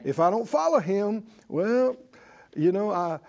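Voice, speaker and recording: A man's voice: high-pitched, big pitch swings, a little slow, vocal fry, a little mellow. A man preaching a sermon to a congregation, emphatic and leading them in call-and-response. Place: church service with congregation.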